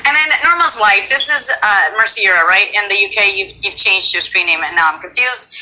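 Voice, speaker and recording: Bright chatty woman streamer. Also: mid-range voice, expressive, brisk, low-quality recording. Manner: chatty, giggly, loose with fillers. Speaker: streamer host. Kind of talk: casual live-stream chat.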